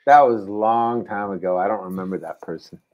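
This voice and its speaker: A laid-back man with a lowish voice who teases his co-host in easy banter. He talks like a working realtor making calls. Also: brisk, darkish tone. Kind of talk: casual chat and cold calling.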